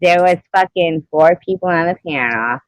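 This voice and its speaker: A woman's voice: fairly low pitch, moderate pace, no echo, low-quality recording. A woman hosting a live stream, telling stories in casual chat, swearing freely and laughing as she goes. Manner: profane, laughs through her stories.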